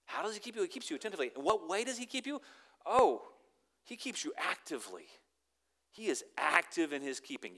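A man preaching a conversational sermon, repeating words as he starts phrases and swinging from loud emphasis to near-whispered lines. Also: fairly high pitch. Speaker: pastor.

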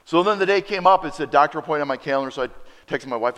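A man preaching a sermon in a reverberant hall, his voice somewhat high and swinging widely in pitch. He acts out the lines of the people in his story with animated, shifting delivery. The sound carries a long echo. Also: racing. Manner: animated storyteller acting out dialogue. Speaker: pastor.

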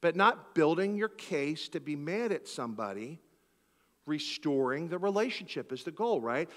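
A man preaches to his church in a high, forceful voice, slipping into little acted-out conversations to make his point. He says he is from Philadelphia. The sound rings with the long reverb of a large hall. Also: normal speed. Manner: animated preaching, acts out conversations. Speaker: pastor. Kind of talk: sermon.

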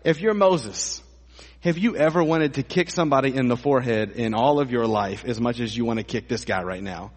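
A man preaching a sermon as a pastor in a church, animated and acting out voices with comic exaggeration. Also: mid-range voice, fairly quick. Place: church sanctuary. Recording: long hall reverb.

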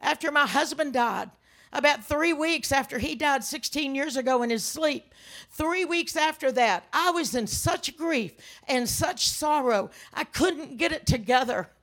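An older woman minister preaching a sermon with personal testimony, telling stories dramatically and breaking into sudden loud outbursts. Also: high-pitched, unhurried.

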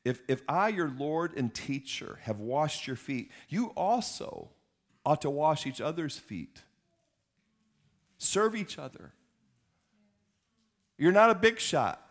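A man's voice: a little high, very animated, slow pace, pauses often, pitched above the performer's own voice, heavily acted. A man doing a patient, correcting teacher. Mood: instructive. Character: calm, patient male teacher and master.

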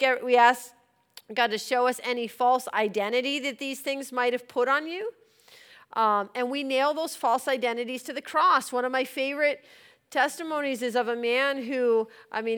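Smooth-voiced woman preaching. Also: a little high. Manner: earnest, conversational, with light laughs. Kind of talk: teaching on deliverance and prayer.

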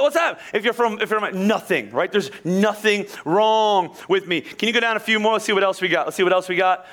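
High bright-voiced guy from pennsylvania preaching, energetic, stumbles and repeats words, jokes with the crowd. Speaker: pastor. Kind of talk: sermon.

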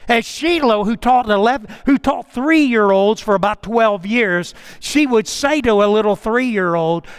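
A middle-aged man preaching a sermon in an animated way, calling on listeners by name and often repeating himself. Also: high-pitched, unhurried, few pauses, clean tone. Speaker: pastor.

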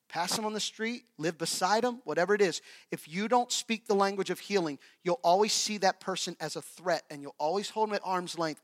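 Male preacher, high pitch, storytelling sermon that goes loud then hushed, asks the room questions. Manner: asks the congregation rhetorical questions. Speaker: pastor.

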